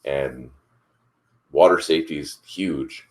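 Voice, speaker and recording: A man's voice: extremely low pitch, slow pace. A man hosting a live morning chat show, telling a family story in a casual, rambling way with lots of fillers and restarts. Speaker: father.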